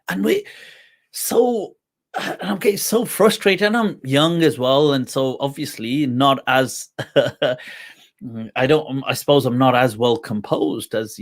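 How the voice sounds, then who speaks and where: A man hosting a talk show, telling a personal story in a casual, animated way with frequent laughter. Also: on the high side, gravelly. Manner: animated, laughs often, acts out quoted voices. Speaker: host.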